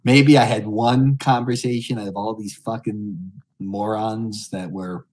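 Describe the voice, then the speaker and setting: A middle-aged man streaming crude pranks on strangers, bellowing loud high greetings and then muttering vulgar insults under his breath. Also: steady tone, measured pace, rough recording. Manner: vulgar and mocking. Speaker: streamer chatting with strangers on a video chat site.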